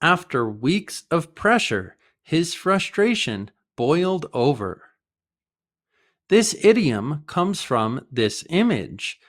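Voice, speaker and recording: An American man teaching English idioms in a clear, deliberate way, with short acted example dialogues. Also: fairly high pitch, sing-song, a bit bright. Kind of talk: vocabulary lesson with acted dialogues.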